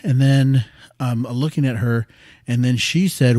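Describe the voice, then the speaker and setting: A man in his thirties hosting a podcast, telling a personal story in an earnest, rambling way that often drops quiet. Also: mid-range voice, steady tone, measured pace, no room sound, clean studio sound. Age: 30s. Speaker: podcast host. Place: small studio room.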